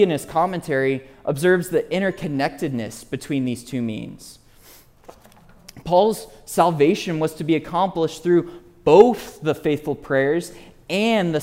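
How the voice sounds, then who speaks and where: Man, high voice, preacher, expository sermon, earnest, emphatic, asks the listeners questions. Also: a little mellow. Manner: emphatic, slows down on quoted verses.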